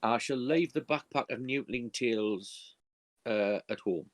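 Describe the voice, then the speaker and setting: A man's voice: mid-range voice, a little slow, background noise. A man taking part in a tabletop game, speaking casually and plainly. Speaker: player. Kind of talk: tabletop role-play.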